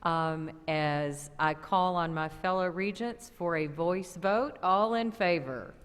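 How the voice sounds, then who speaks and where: A woman serving as board chair, briskly running votes and calling on speakers. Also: lowish voice, clear, resonant tone. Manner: brisk, procedural. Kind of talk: chairing a meeting. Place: board meeting room. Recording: echoey meeting hall.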